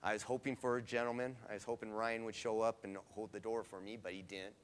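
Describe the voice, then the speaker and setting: Smooth-voiced middle-aged man sharing a devotional story. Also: lowish voice, level tone, fast talker. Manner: conversational, often adds "right?". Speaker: devotional speaker. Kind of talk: personal story in a devotional talk.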